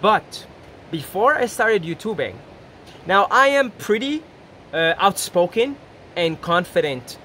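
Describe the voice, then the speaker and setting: A man's voice: high voice, slow, a little hiss or hum. A man giving a casual, rambling motivational talk to camera, acting out quoted voices. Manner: animated, rambling, acts out little quoted voices, laughs often. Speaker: self-help YouTuber.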